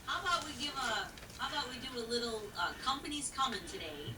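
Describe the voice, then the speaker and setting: A woman's voice: high-pitched, sing-song, fast talker, echoey room, recorded from a distance, noisy background. A woman who is a singer, talking in a folksy, plain-spoken way with many fillers while being interviewed. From rural country. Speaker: singer and guest. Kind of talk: casual interview answers.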